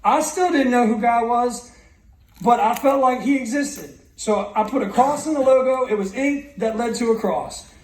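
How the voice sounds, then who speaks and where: A man's voice: very high-pitched, normal speed, a little mellow, a little hiss or hum. A man in his thirties giving an earnest motivational speech to a graduating class, telling his own story with frequent restarts. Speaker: guest speaker. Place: large school hall. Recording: echoey hall from far off.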